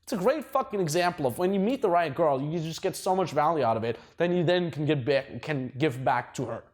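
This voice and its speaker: A man's voice: fairly high pitch, lively intonation, fairly quick. A man giving casual dating advice, swearing a lot and laughing at his own stories. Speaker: dating coach.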